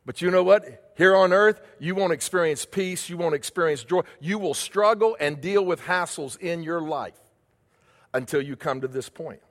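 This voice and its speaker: A man's voice: fairly high pitch, big-room sound. A male pastor preaching a sermon, asking the congregation questions and answering them himself.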